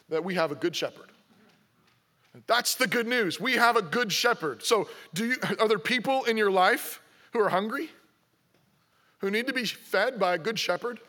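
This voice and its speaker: A man's voice: high-pitched, sharp tone. A man preaching a sermon, exhorting his listeners with strings of repeated rhetorical questions. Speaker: pastor.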